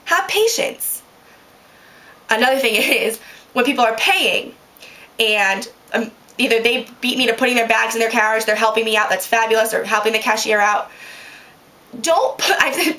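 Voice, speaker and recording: A woman's voice: on the high side, sharp tone. Blunt young woman venting. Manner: exasperated, blunt, lecturing; laughs between points. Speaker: grocery store cashier. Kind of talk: casual vlog rant.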